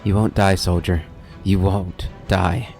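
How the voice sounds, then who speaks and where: Man reading wounded praying woman, game dialogue, low plain read. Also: fairly even intonation, slow pace, gravelly, darkish tone, faint music behind, full character voice. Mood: pleading.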